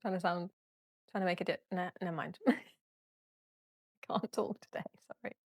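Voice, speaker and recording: A woman's voice: fairly low pitch, a little slow, no echo. Young female yoga teacher, casual and giggly, dry close-miked voice. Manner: chatty, giggly, apologetic, yawning. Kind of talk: casual guided yoga class.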